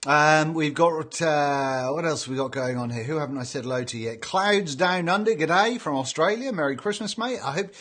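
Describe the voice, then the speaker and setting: British guy on a livestream reading out chat, cheery, slightly higher voice. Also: normal speed, hardly any pauses, fairly bright tone. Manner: cheerful, reads out names and greetings. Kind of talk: casual live chat.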